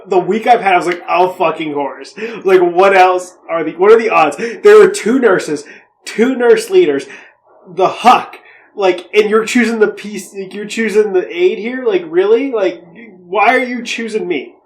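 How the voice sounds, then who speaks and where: A man's voice: high voice, low-quality recording. A young man co-hosting a podcast, telling a story in a rambling, profane, casual way. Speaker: podcast co-host. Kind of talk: casual chat.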